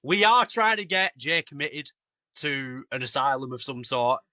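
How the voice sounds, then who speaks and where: A British man co-hosting a podcast, excitably trying to steer a rowdy chat back on track. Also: mid-range voice, a little slow, no echo, studio quality. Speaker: podcast co-host. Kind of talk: casual chat.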